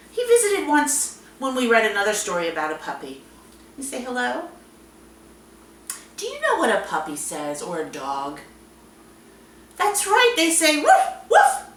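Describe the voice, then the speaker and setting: Lively sing-song librarian woman, echoey. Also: a little high, recorded from a distance, slight background noise. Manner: animated, sing-song, talking to young children. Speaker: children's librarian. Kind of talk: storytime with songs and reading aloud. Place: library room. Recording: echoey room, voice a bit off-mic.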